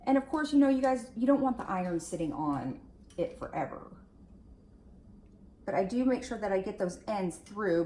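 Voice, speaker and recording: A woman's voice: medium pitch, dark tone, reverberant, a little hiss or hum. A woman stylist walking viewers through curling a wig in a casual, chatty way, full of "like" and "okay". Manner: chatty, lots of fillers like "like" and "okay". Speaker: hair stylist demonstrating on a wig. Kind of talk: casual tutorial talk.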